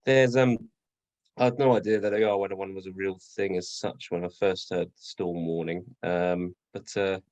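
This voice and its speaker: Hesitant man, low voice, dry sound. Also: fairly even intonation, moderate pace, a little mellow, no room sound. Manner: hesitant, many fillers. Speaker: podcast guest, voice actor. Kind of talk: casual chat.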